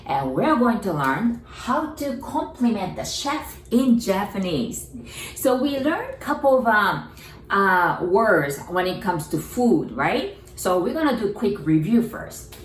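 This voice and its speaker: Slow, patient woman teaching from a distance. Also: mid-range voice, very animated, echoey room, slight background noise. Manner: reviews with questions to the learner. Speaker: Japanese language teacher. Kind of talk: friendly lesson.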